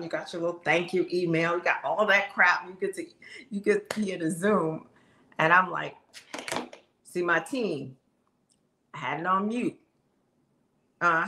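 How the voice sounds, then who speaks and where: Middle-aged lady coach hyping her viewers up, bright and punchy, kinda low pitched. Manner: emphatic, conversational, addresses viewers directly. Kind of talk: motivational casual talk.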